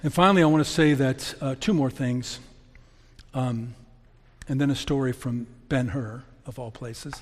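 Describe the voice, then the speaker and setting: A man's voice: mid-range voice, moderate pace. A middle-aged man preaching a sermon as pastor, in a conversational storytelling way. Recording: long reverb of a church hall.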